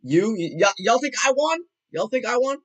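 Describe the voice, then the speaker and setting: A young man livestreaming, chatting casually and rambling, swearing a lot, with loud excited outbursts. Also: very high voice, moderate pace.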